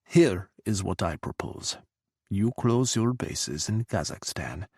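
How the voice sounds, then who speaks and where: A man's voice: deep voice, animated, slow, a little mellow, slightly rough, no room sound, studio quality, exaggerated voice. A man voicing a scheming, restless Russian president with a thick Russian accent and a smirking, cutting manner. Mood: sly.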